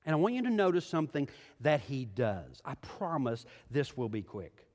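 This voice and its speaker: A middle-aged male pastor preaching a sermon, moving from quiet scripture reading to emphatic exhortation. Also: medium pitch, big pitch swings, normal speed. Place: church sanctuary. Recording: hall reverb.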